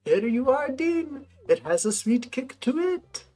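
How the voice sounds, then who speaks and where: A woman's voice: sits high, very animated, measured pace, warm tone, soft background music, pitched above the performer's own voice, full character voice. Woman putting on a jolly mock-French shopkeeper. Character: cheery middle-aged male shopkeeper with a mock French accent.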